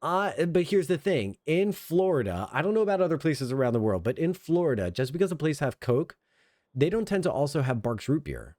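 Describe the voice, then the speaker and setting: A man streaming a game, chatting in an excitable, rambling, self-mocking way from a home setup. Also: on the high side, brisk, no echo, clean studio sound. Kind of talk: casual game stream commentary.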